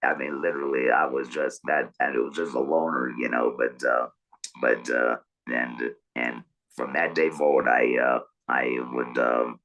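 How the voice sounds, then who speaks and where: A middle-aged man talking through an electrolarynx, with a buzzing mechanical tone and halting speech full of repeated words. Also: a bass voice, steady tone, fairly bright tone, rough recording. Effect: electrolarynx buzz. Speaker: guest telling his story. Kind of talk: casual interview storytelling.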